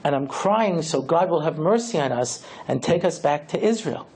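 A man voicing a pious old rebbe who speaks low and solemnly in a husky voice. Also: lively intonation, normal speed, a little mellow. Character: weeping pious old rebbe, grave and calm.

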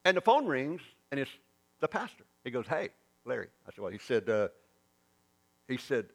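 A man's voice: medium pitch, normal speed, creaky. A man with a Southern US accent, a preacher telling a story in a sermon and acting out the dialogue. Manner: animated storyteller, acts out quoted dialogue.

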